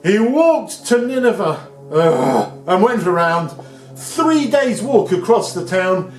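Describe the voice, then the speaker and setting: Male storyteller, children's story, animated, lively pitch, roomy echo. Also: takes it slowly, soft background music. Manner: animated, playful. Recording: echoey room.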